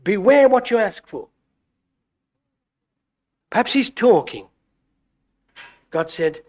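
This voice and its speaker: A middle-aged man preaching a sermon, animated and full of stammered restarts. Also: slow pace, long pauses. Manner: animated, wide swings in pitch and loudness, frequent stammered restarts. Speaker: visiting preacher.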